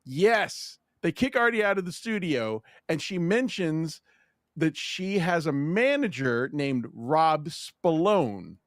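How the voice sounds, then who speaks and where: A man's voice: fairly high pitch, big pitch swings, slow, dry recording, studio quality. A man hosting a podcast, retelling a story in casual, profane chat. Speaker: podcast host.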